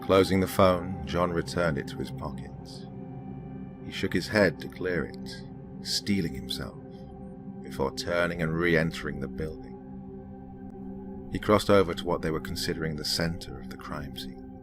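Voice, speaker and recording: A man with a British accent narrating a horror story in slow, dramatic tones that sometimes drop to a whisper. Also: low voice. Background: ambient music with singing bowl.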